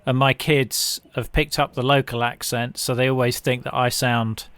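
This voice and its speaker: A man's voice: mid-range voice, flat delivery, moderate pace, fairly bright tone, a little hiss or hum. A man with a southern English accent, hosting an interview in easy, casual chat. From south of England. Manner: brief, friendly affirmations. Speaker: podcast host.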